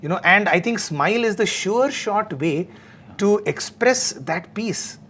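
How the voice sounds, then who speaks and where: A man talking earnestly about meditation and cheerfulness, often pausing with fillers. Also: high-pitched, lively intonation, fairly bright tone, a little hiss or hum. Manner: earnest, frequent fillers and restarts. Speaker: devotional talk speaker. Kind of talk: conversational spiritual talk.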